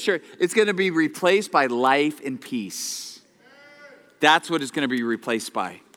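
A man preaching a sermon to his church, animated and playful, acting out the voices of people he quotes. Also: fairly high pitch, long reverb tail. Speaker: pastor. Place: church sanctuary.

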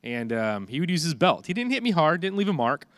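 Stuffy-nosed pastor, chatty sermon. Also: male voice, fairly high pitch, very animated, a little fast, a bit bright, dry recording, studio quality. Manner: casual, chatty, many fillers and restarts. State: stuffy nose from allergies. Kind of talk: conversational sermon.

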